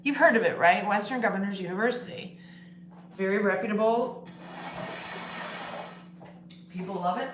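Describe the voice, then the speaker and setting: A woman chats casually on her own livestream, blunt and opinionated, dropping curses without a second thought. Her middle-pitched voice bounces around a roomy space at home, with faint background sound underneath. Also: moderate pace, pauses often, a little hiss or hum. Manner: blunt, swears freely, opinionated. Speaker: livestream host. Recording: roomy echo.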